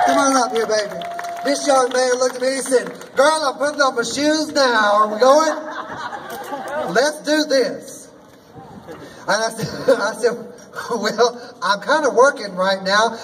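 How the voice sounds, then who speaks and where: A man's voice: extremely high pitch, fairly bright tone, recorded from a distance, a little hiss or hum, rough recording. Sassy drag queen emceeing a rally. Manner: sassy, folksy, calls crowd to cheer. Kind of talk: rally speech. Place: outdoor rally.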